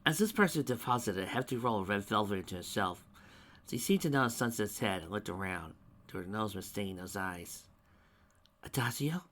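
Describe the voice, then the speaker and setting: A man reading fan fiction aloud, his pitch swinging up and down a lot, stumbling and restarting words now and then, sounding like an amateur reader at home rather than a polished narrator. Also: animated, a bit bright. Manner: halting reading with frequent restarts.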